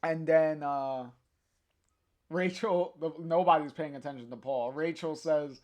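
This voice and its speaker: Slow, chatty young man reading aloud. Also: on the high side, steady tone, darkish tone. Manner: chatty, laughs often, full of fillers and restarts. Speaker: comic reader on a livestream. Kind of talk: casual live reading and commentary.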